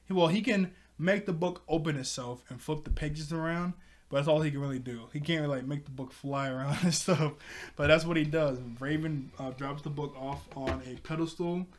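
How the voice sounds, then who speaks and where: A man's voice: fairly high pitch, fairly quick. A man casually recapping a cartoon episode, rambling with many fillers and frequent laughs.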